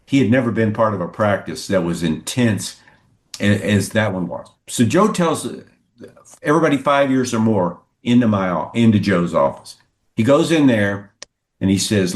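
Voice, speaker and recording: An older sportswriter, a man, spins stories in a relaxed conversational way, jumping his voice up to act out other people's words. His voice sits on the low side. The recording carries a noticeable roomy echo. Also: unhurried. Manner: lively storyteller who acts out quotes with pitch jumps. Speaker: guest sportswriter. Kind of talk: conversational anecdote telling. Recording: roomy echoey sound.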